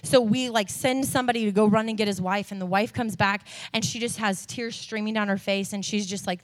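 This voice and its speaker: Young woman preacher, sermon testimony, lively and filler-heavy, slightly high voice. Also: fast talker, few pauses. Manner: animated storytelling with many fillers.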